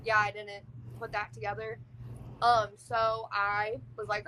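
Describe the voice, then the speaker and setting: Blunt, bright-voiced woman telling a story. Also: mid-range voice, little pitch movement, measured pace, a little hiss or hum, low-quality recording. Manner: blunt and profane, heavy use of "like". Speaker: interview guest. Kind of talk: casual storytelling.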